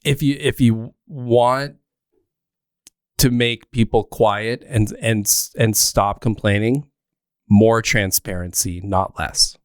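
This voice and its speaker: A man's voice: fairly low pitch, fairly even intonation, takes it slowly, smooth, no room sound, studio quality. A man co-hosting a podcast, speaking earnestly and emphatically with restarts. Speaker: podcast co-host. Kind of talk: casual chat.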